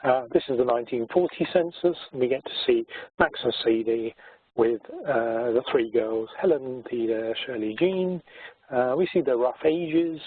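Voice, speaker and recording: A man talks through his family research with plenty of pauses and filler sounds. His voice is slightly husky and very dry, and the recording sounds thin and phone-like. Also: medium pitch, dry recording. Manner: hesitant, many fillers. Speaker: genealogy society chairman giving a talk. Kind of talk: presentation talk.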